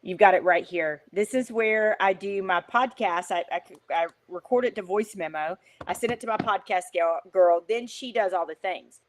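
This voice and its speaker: A woman of middle pitch speaks as an interview guest. Her talk is emphatic and animated, pushing a motivational message, with plenty of fillers along the way. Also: normal speed, few pauses.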